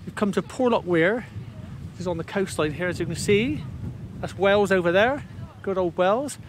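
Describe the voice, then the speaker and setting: A man's voice: high-pitched, normal speed, background noise. A man chatting casually to camera while hiking a steep coastal path, a little out of breath. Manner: chatty, out of breath on uphill walk. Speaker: walking vlogger. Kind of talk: casual walking commentary. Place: outdoors on a windy coastal footpath.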